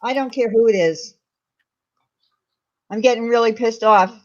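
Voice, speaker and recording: A woman guest speaks over a dull, lo-fi connection. Her voice sits high, and she presses her point, repeating it. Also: measured pace, darkish tone. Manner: upset, insistent, repeats herself. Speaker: guest on a live stream.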